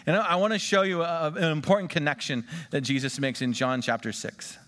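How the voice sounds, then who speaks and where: A man preaching a sermon, swinging between emphatic rises and quiet drops, and drawing the congregation into questions and call-and-response. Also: fairly high pitch, steady tone, a little fast. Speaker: pastor. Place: church sanctuary. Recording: long church reverb.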